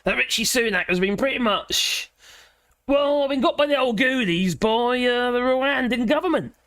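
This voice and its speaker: A hoarse woman with a British accent hosting a casual live political chat, laughing often and greeting viewers by name. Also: a little high, expressive, normal speed, a bit bright, no echo. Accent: British English. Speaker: livestream host.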